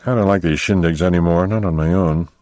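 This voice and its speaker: A man's voice: deep voice, fairly quick, darkish tone, no echo, studio quality, natural voice. A man reading a novel aloud, voicing a rueful, self-mocking working man full of regrets. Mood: regretful.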